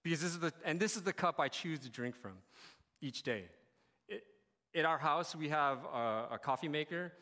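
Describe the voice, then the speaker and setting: A man giving a sermon in a church hall, sharing a personal story in a candid, conversational way. His voice sits slightly high and carries a bright, forward edge. A long reverb trails each phrase. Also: lively intonation, moderate pace. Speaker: pastor.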